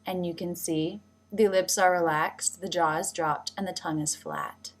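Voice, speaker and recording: A woman's voice: lowish voice, fairly even intonation, normal speed. A woman narrating a pronunciation lesson, speaking carefully and demonstrating each sound. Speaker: pronunciation teacher. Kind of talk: scripted instructional narration.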